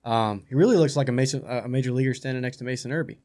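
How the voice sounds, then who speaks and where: A man hosting a radio sports talk show in a studio, chatting casually and rambling, often repeating his words as he gets excited. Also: medium pitch, very fast.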